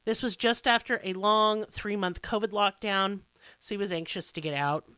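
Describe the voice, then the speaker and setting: An American woman hosts a true crime podcast with a bright, forceful voice. She talks casually and irreverently, pokes fun at herself, and swears now and then. The sound is close and dry. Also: medium pitch, normal speed, clean tone, no room sound. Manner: casual, irreverent, self-deprecating, occasional swearing. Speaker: podcast host.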